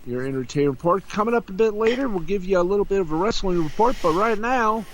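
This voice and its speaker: A man's voice: sits high, expressive, fast talker, slight background noise. A man hosting a casual talk show, speaking unhurriedly with many filler sounds. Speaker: podcast host.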